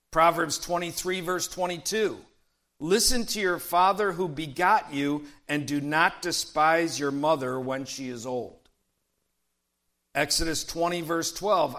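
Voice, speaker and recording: A male pastor giving a sermon in a forceful, bright voice that sits a little high for a man. He preaches emphatically, checks in with the congregation and drags out key words to stress them. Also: vocal fry. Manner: slows right down to stress key phrases.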